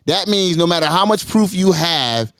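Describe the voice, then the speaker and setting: A man's voice: sits high, expressive, fairly bright tone, no room sound, studio quality. Emphatic male moderator on a talk show. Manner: interjecting, emphatic, slows down to stress points. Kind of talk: moderating a live debate.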